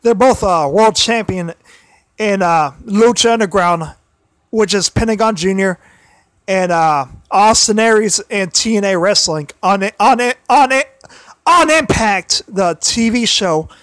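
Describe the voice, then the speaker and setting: Male livestream host, high-pitched, throat worn and tired, stumbles and repeats himself; dry, close recording. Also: fairly bright tone, no echo. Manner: halting, many restarts and repeated phrases. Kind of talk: casual solo livestream commentary.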